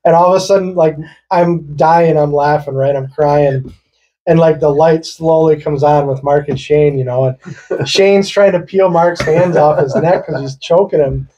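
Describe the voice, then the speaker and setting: A man from rural Wisconsin, co-hosting a podcast, shares a casual story among friends, loose, profane, and laughing throughout. His husky, mellow voice is a little high with a steady tone at normal speed, and the audio is dull.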